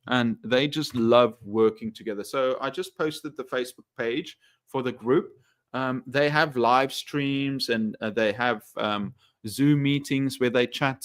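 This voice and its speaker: A man's voice: mid-range voice, fairly bright tone, no room sound, clean studio sound. A man teaching English on a live stream, chatting loosely and reading viewer comments aloud, full of fillers and restarts. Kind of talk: casual live-stream chat.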